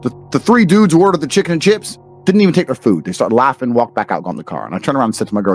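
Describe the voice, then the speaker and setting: Brash British man, podcast guest, rapid lively delivery, faint music behind. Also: mid-range voice. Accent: British English. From England. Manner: brash, profane, emphatic. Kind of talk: blunt storytelling and ranting.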